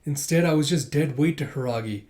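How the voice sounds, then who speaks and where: A man's voice: fairly high pitch, fairly quick, darkish tone, natural voice. A man voicing an earnest, eager young woman trainee, lightly and close to his own voice.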